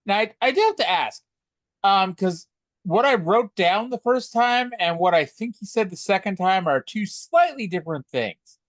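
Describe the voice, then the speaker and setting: Podcast guy rambling and joking, kinda high voice, dead dry mic. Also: expressive, normal speed, no echo. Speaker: podcast co-host. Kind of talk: casual chat.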